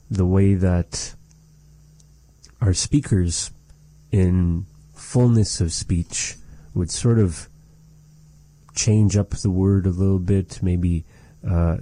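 A man's voice: deep voice, dark tone, dry recording. A man teaching phrases of a language in a patient, repetitive lesson. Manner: slow, patient, repeats phrases for practice.

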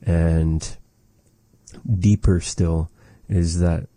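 A man giving a relaxed spoken language lesson, measured and thoughtful, with many pauses and fillers. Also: low voice, no room sound. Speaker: language teacher.

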